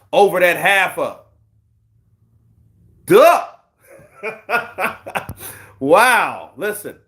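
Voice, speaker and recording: Man, live-stream boxing host, high bright voice, swooping pitch, excitable, profane. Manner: excitable, profane, laughing often. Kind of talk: casual live-stream commentary.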